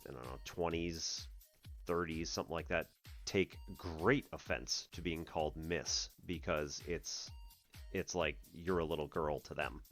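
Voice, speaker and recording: A man from the US Northeast hosting a math stream, chatting casually, laughing often and clearing his throat. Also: rumbling low, steady tone, measured pace, a bit bright, soft background music. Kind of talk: casual livestream chat.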